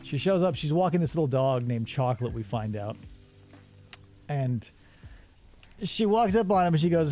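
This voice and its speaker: A man hosting a casual movie-review show, retelling a plot in an animated, sarcastic way. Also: fairly high pitch, moderate pace, soft background music. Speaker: radio show host.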